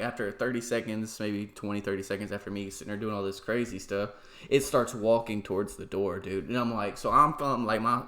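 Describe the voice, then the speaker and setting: Casual young man telling a story. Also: on the low side. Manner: animated, swearing, lots of "like" and "dude". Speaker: podcast host.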